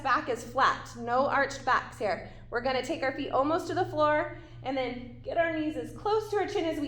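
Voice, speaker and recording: High-voiced woman coaching a workout. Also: a bit bright, roomy sound, a little hiss or hum. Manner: encouraging, talks through exercises while doing them. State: out of breath at times. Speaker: fitness instructor. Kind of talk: workout instruction.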